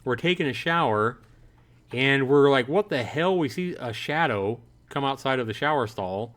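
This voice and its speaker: A man streaming a visual novel, reading the story aloud and chatting to viewers about it, acting out his own reactions in a higher, louder voice. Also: moderate pace. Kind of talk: livestream commentary, reading game text aloud.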